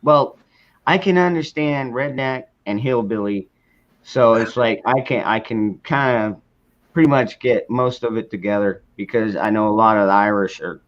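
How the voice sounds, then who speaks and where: A man's voice: fairly low pitch, moderate pace, muffled recording. A man hosting a casual late-night livestream chat, laid-back and swearing freely, greeting viewers in the chat. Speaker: livestream host.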